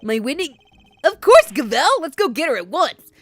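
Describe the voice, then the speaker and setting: A cocky young man with a brash, boastful streak, voiced by a woman. The voice is bright and lively and comes across dry and close. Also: high-pitched, normal speed, no echo, voice pushed up, full character voice. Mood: eager.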